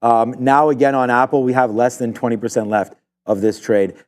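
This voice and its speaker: A man's voice: medium pitch, steady tone, normal speed. A man hosting a live trading stream, talking through his trades in a loose, filler-heavy way. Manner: rambling, filler-heavy, thinking aloud. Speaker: live trading show host. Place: trading desk studio.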